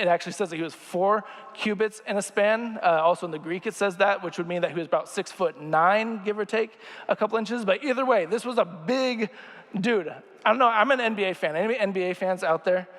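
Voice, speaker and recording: Chatty young preacher in a ringing church. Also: male voice, sits high, a bit bright, long reverb tail. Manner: chatty and jokey, asks the crowd questions. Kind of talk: casual sermon. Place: church sanctuary.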